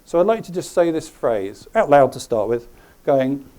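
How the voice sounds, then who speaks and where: A middle-aged man giving a live presentation to an audience, animated and often checking in with questions. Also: a little high, moderate pace. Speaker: presenter at a health talk.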